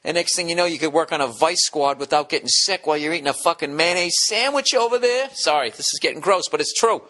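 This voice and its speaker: A middle-aged man hosting a podcast, rambling through a profane comedic monologue full of quick restarts. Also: on the high side, animated, sharp tone. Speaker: podcast host.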